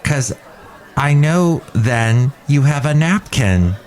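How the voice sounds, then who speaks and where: A man's voice: medium pitch, expressive, slow pace, darkish tone. A man hosting a podcast, telling rambling, playful stories in casual chat at a cafe. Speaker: podcast host.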